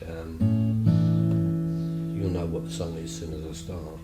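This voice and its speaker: A man's voice: very deep voice, flat delivery, a little slow, pauses often, reverberant, over loud music, rough recording. A man telling stories casually, rambling and chatty with lots of fillers. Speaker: vlogger. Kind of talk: casual storytelling.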